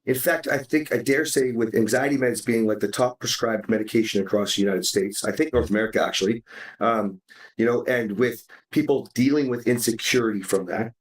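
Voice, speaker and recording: A man hosts a podcast in a loose, animated way and drops casual swearing. His voice sits back from the mic in a roomy, echoing space. His pitch is mid-range. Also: brisk. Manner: animated, acts out quoted dialogue, swears casually. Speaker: podcast host. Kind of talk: casual chat. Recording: roomy sound from a distance.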